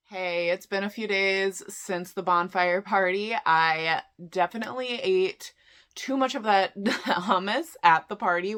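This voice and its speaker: A woman's voice: mid-range voice, fairly bright tone. A woman chatting casually in a vlog, chatty and self-deprecating, talking through her day. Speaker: vlogger.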